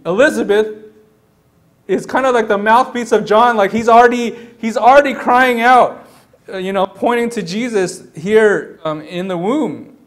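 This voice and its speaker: High-voiced man preaching an animated sermon. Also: unhurried. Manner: animated, repeats words, acts out quoted voices. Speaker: pastor.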